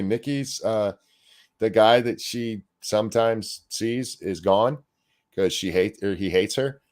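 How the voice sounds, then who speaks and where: A man's voice: on the low side, normal speed, darkish tone. A man co-hosting a casual reaction show, talking bluntly and with plenty of profanity. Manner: blunt, profane ranting with put-on voices. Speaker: co-host reacting to a debate.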